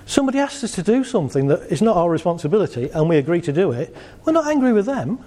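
A middle-aged man speaks casually to a live audience, his voice mellow and a little higher than most men's. He is chatty and jokey, often laughing at his own anecdotes. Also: very animated, fast talker. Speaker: speaker giving a talk on assertiveness.

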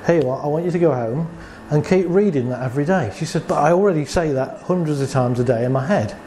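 A man's voice: fairly high pitch, fast talker, dark tone. A man, a therapist talking casually about his work, telling client stories and acting out both sides of the dialogue with rhetorical questions. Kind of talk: conversational talk with client anecdotes.

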